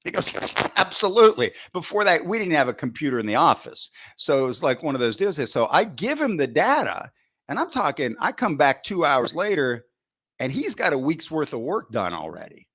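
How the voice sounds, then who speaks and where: Middle-aged man, animated coaching stories. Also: fairly high pitch, normal speed, husky. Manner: animated storyteller who acts out his own past thoughts; frequent restarts and "you know" fillers. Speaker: football coach, podcast guest. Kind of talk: storytelling in a podcast interview.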